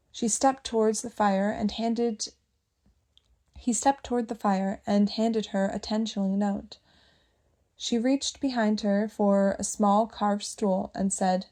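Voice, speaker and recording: Warm, measured female audiobook narrator. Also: medium pitch, steady tone.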